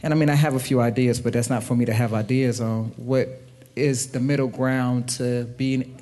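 A man speaking from the congregation in an ordinary mid-pitched voice. He asks his question slowly and haltingly, restarting as he looks for the right words. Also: fairly even intonation, warm tone. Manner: hesitant, restarts, searching for words. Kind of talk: casual question from the floor.

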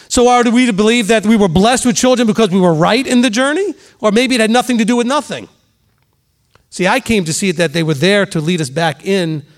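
A man's voice: high voice, creaky. A middle-aged male pastor giving a sermon, emphatic and repetitive, now and then mimicking gossiping people. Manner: emphatic, repeats for stress, acts out gossiping voices.

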